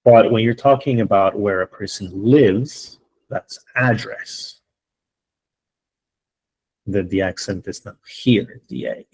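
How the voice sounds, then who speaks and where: A man's voice: fairly low pitch, a little slow, a little mellow, slightly rough, low-quality recording. A man teaching an online English class, explaining patiently step by step and often checking in with his students. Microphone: computer mic on a video call.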